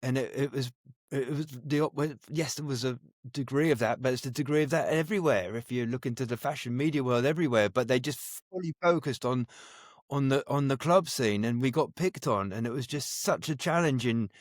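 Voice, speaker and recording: A man's voice: medium pitch, no echo. Dry-voiced man reminiscing. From England. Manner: reflective, restarts phrases often. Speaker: guest DJ. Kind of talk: casual interview storytelling.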